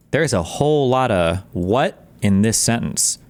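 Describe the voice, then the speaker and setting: A man's voice: medium pitch, animated, a little slow, darkish tone. A man streaming casual reaction commentary, blunt and exasperated, swearing often and restarting his sentences as he rants.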